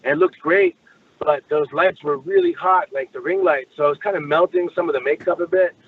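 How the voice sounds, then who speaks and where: Guest from Canada, male, slightly high voice, loose profane storyteller, heard over a phone-like line. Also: very animated, fairly quick, gravelly, slight background noise. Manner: swears freely, rambling with restarts. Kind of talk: casual storytelling.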